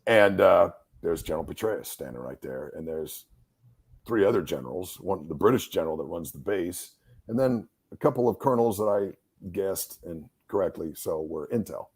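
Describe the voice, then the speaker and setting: A man's voice: deep voice, normal speed, husky. A middle-aged man, a Marine reservist officer, telling a story in a casual interview and acting out the dialogue as he goes. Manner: animated storyteller who acts out quoted dialogue.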